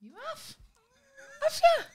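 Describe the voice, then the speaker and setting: A woman's voice: slow pace, a little hiss or hum. A woman co-hosting a podcast, crude and teasing, chatting casually with lots of laughter. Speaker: podcast co-host. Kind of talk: casual chat.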